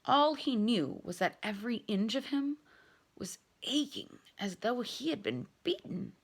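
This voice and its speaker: A woman reading a novel aloud in an expressive, dramatic storytelling manner. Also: on the high side, a little slow, breathy edge. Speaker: reader.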